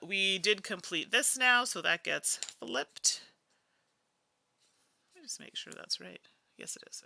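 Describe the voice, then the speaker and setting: A woman hosts a solo board game playthrough, thinking aloud casually as she talks through each move in a chatty, musing way. Her medium-pitched voice is gravelly, pushed and bright, with no room sound, and she hums and laughs between moves.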